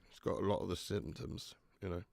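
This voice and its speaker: A man's voice: low voice, fairly even intonation, a little fast, vocal fry, a little mellow, no echo, studio quality. A man hosting a live football watch-along, sick with flu, talking bluntly and swearing as he banters with viewers. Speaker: football fan channel host.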